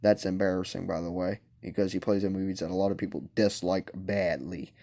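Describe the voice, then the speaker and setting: A young man ranking horror movies in a hushed, casual voice at home at night, blunt and opinionated, keeping quiet so he won't wake his parents. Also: deep voice, steady tone, a little fast, gravelly. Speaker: vlogger reviewing movies.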